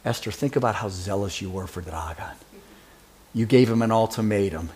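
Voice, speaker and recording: A man's voice: fairly low pitch, normal speed, darkish tone. A man preaching a sermon who asks his congregation questions and teases members by name. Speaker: pastor.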